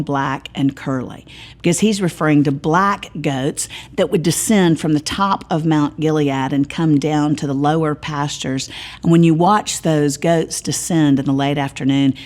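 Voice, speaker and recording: A middle-aged woman teaching a Bible study in a folksy, animated way, acting out quoted voices. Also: deep voice. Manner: animated, folksy, acts out voices when quoting.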